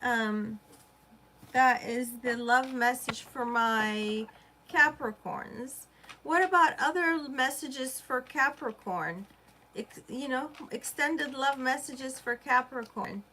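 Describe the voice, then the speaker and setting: A woman's voice: high voice, slow pace, pushed and bright, slight background noise. A woman from Iraq, a native Arabic speaker, giving a rambling, chatty live tarot reading and talking straight to her viewers. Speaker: tarot reader.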